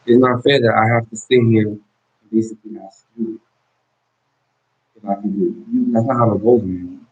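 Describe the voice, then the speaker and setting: A man's voice: on the low side, fairly even intonation, moderate pace, slightly rough. A man talking straight to the camera in an intense monologue, pleading and confrontational, often repeating and restarting his words. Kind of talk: emotional direct-to-camera monologue. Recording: dull lo-fi recording.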